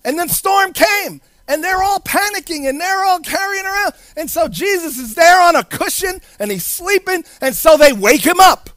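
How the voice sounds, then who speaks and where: A man's voice: very high-pitched, animated, normal speed, few pauses, fairly bright tone, no room sound. A man preaching a sermon in a sing-song cadence, acting out the voices in the story he tells.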